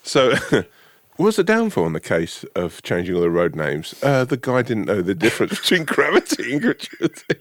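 A man chatting casually as a podcast co-host, his pitch jumping about as he acts out the people in his stories. The recording is dry and close, with no room sound. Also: normal speed, no echo. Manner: animated storyteller, acts out dialogue. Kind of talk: casual chat.

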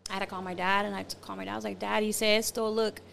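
A woman tells a story in a loose, animated way, playing every person she quotes. Her voice has a gravelly edge. Faint hiss sits under the recording. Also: medium pitch, very fast. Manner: animated, acts out quotes, many fillers. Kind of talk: casual storytelling chat.

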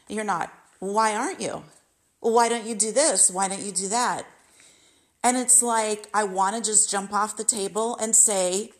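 A married woman ranting about someone who keeps prying into her life, frustrated and indignant, acting out her own retorts in bursts. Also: mid-range voice. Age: adult, married. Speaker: vlogger venting about a masseuse. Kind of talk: emotional personal rant.

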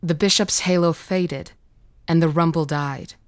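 A woman reading a scripted horror story in a measured, vivid storytelling manner. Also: low voice, fairly even intonation, dry recording, clean studio sound. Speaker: narrator.

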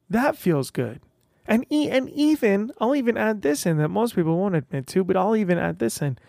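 Man, podcast host, casual solo chat, animated storytelling, slightly high voice, dry close sound. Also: gravelly, dry recording. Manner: chatty and animated, acts out quoted voices.

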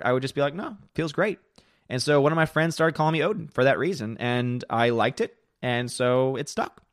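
A man's voice: medium pitch, no room sound, clean studio sound. A man hosting a movie channel livestream, casually reading out viewer comments and giving opinionated, rambling answers from his room at home. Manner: opinionated, rambling, repeats words.

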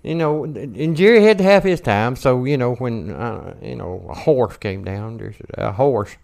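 Podcast co-host, male, animated pitch, rambling yarn-spinner who acts out the people in his stories. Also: normal speed, creaky. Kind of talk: casual storytelling chat.

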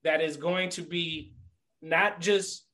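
A middle-aged man speaking as a podcast guest, sitting a little higher in pitch than most men. He tells stories with animation and lands his points in an earnest, motivational way. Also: slow pace, low-quality recording. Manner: animated storyteller. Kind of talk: casual podcast chat.

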